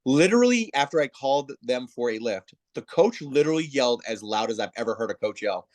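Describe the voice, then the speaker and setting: A man's voice: medium pitch, quick pace, few pauses. A man who heads volleyball officiating, telling stories in a casual interview and acting out the people he quotes. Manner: animated storyteller, acts out quoted voices. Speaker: head of volleyball officials, guest.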